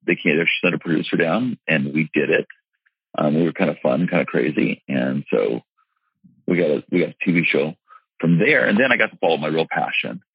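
Deep gravelly man telling his story. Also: dry recording, dull audio. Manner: earnest, emphatic, frequent restarts and "literally". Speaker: real estate investor and seminar teacher. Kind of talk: candid personal storytelling in an interview.

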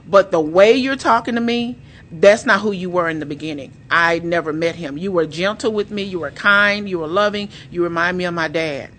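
A woman on a podcast in casual chat, an animated storyteller who acts out the quotes in her stories. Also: fairly low pitch, a little fast, a little hiss or hum.

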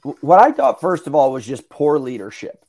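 A young man hosting a podcast, telling stories in a casual, animated way, swearing and acting out the voices of the people in them. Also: medium pitch, moderate pace. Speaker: podcast host. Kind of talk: casual storytelling chat.

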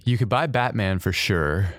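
A man's voice: lowish voice, lively intonation, normal speed, no echo, studio quality. A male podcast host asking playful, joking questions in casual interview chat.

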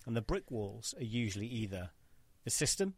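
A man's voice: mid-range voice, very animated, moderate pace, darkish tone, dry recording. A man hosting a podcast, teasing his guest and swearing casually as he talks. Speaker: podcast host.

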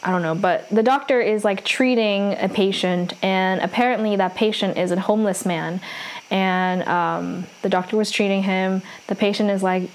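A young woman recaps a plot in a relaxed, rambling way. Her speech is full of "like" and "um" as she hops from one event to the next. The tone stays easygoing and conversational. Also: mid-range voice, poor audio. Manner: chatty, fills every pause with "like" and "um". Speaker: drama recapper. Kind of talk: casual story recap.

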